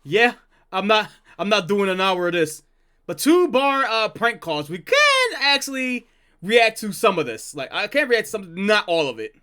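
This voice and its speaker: A man's voice: high-pitched, sing-song, normal speed, sharp tone, smooth. A man streaming, reacting to old prank calls with casual, laid-back commentary and chatty asides.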